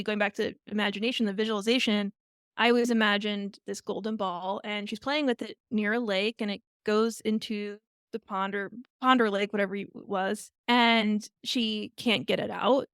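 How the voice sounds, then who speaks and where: A woman co-hosting a podcast, casually retelling a fairy tale with animated storytelling. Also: mid-range voice, no room sound. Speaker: podcast co-host. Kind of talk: casual chat.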